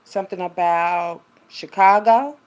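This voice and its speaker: A woman's voice: fairly low pitch, measured pace, clean tone. A woman talking casually and rambling to her viewers, reading aloud. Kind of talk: casual monologue.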